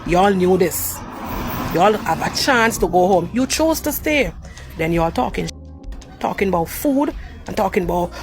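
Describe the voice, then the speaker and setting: A woman's voice: on the low side, animated, brisk, faint music behind. A woman with a Jamaican accent ranting angrily in a viral clip, scolding and cursing in patois. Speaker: viral video poster. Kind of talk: angry rant.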